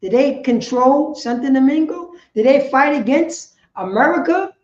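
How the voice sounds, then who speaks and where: A woman's voice: sits high, lively intonation, normal speed, a little mellow. A woman leading an informal group lesson, quizzing her listeners and often asking "you know what I'm saying?". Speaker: class leader. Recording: echoey room, dull muffled sound.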